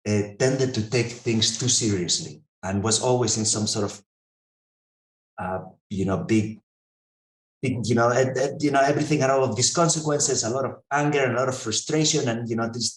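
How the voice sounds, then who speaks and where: A man telling stories in conversation, halting, with frequent restarts. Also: mid-range voice, reverberant. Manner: halting, many restarts and fillers, storytelling. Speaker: researcher and interviewer. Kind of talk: conversational storytelling.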